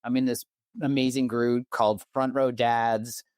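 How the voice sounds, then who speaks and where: A man's voice: medium pitch, flat delivery, unhurried, darkish tone, clear, resonant tone. A male podcast host with a mid-range voice talks about his home life with open, heartfelt enthusiasm. The close mic gives a dry recording with no room echo. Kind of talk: conversational podcast interview.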